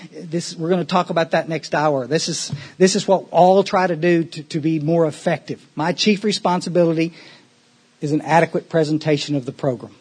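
A man's voice: a little high, breathy edge. A man speaking at a recovery meeting in an earnest, folksy way, often restarting his words.

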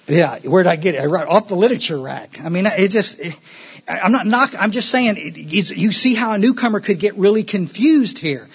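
A man's voice: high voice, lively intonation, a little fast, slightly rough. A man speaking at a recovery meeting in an earnest, folksy way, often restarting his words.

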